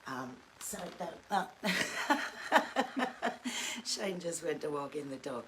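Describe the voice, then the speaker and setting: Woman, middle-aged, hesitant live chat, steady background noise. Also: sits low, normal speed. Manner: hesitant, with fillers. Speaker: live stream host, mother.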